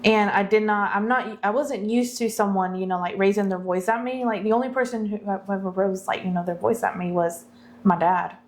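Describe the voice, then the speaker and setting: A woman's voice: mid-range voice, steady tone, fairly quick. A young woman co-hosting a podcast, chatting candidly with lots of filler words. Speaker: podcast co-host. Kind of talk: casual chat.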